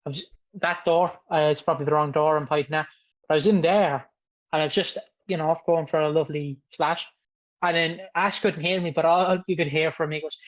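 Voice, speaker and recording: A man's voice: a little high, steady tone, a little fast. A man in his twenties co-hosting a podcast, chatting casually, rambling and joking. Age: 20s. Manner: rambling, joking, acts out quotes. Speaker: podcast co-host. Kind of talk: casual chat. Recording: dull lo-fi mic.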